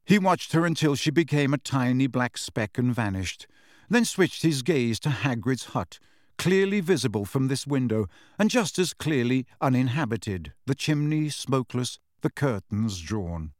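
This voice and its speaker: A man narrates an audiobook in a steady, measured way, at a mid-range pitch. The recording is dry and close, with no room echo.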